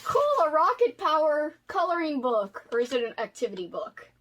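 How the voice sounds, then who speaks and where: A woman's voice: high-pitched, big pitch swings, normal speed, fairly bright tone, a little hiss or hum. Bubbly gushing woman vlogger. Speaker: booktuber. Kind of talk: casual vlog unboxing.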